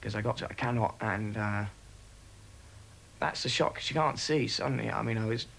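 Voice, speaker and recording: A man who served as aircrew, recalling events in a documentary interview in a halting way, with many pauses and fillers. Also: on the low side, creaky, fairly bright tone, slight background noise, rough recording. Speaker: former RAF aircrew interviewee.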